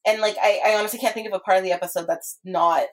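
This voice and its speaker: A woman's voice: medium pitch, fairly even intonation, very fast. Giggly chatty young-sounding woman. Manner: chatty, giggly, full of "like" fillers. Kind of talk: casual chat.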